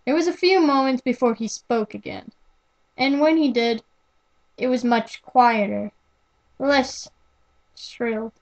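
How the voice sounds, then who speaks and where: A woman's voice: on the high side, slow pace, pauses often, highs cut off. A young woman reading fan fiction aloud as an amateur, stumbling and restarting words often. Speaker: amateur reader.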